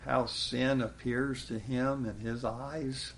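A man's voice: mid-range voice, steady tone, slow pace, a little hiss or hum. A man preaching a sermon in a folksy way, chuckling often and quoting scripture with rising emphasis.

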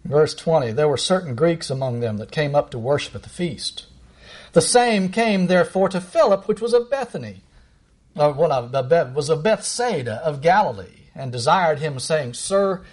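A middle-aged man preaching a sermon, reading verses aloud with emphatic, rising delivery and slowing down on key lines. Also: expressive, a little mellow. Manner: emphatic, rises high when reading verses and slows down.

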